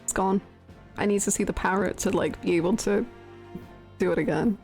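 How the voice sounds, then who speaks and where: A woman's voice: medium pitch, fairly even intonation, normal speed, darkish tone, faint music behind. A woman streamer chatting casually with her live viewers, giggly and chatty.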